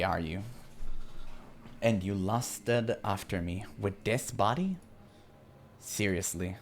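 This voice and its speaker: This is a cruel, sneering young woman captor who mocks her prisoner in a visual novel, with a man reading her part. The voice sits fairly low, and it taunts without pause. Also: gravelly.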